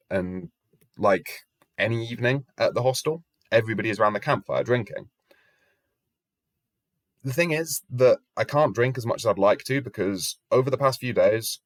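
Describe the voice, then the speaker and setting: Music plays under the dry recording as a twenty-something travel vlogger narrates his story in a fairly low voice. He's wry and self-deprecating, and the curse words come easily.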